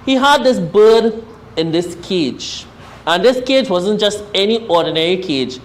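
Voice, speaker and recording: A man's voice: sits high, low-quality recording. A man with a Trinidadian accent speaking at a funeral service, telling a parable and often addressing his listeners as his dear friends. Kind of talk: storytelling sermon at a Hindu funeral.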